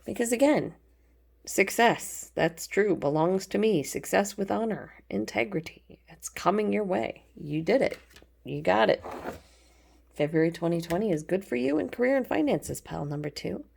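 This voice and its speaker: A woman's voice: medium pitch, animated, normal speed, vocal fry, darkish tone, slightly rough. A woman giving a casual, chatty tarot card reading, informal and affectionate, with frequent ums. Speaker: tarot reader.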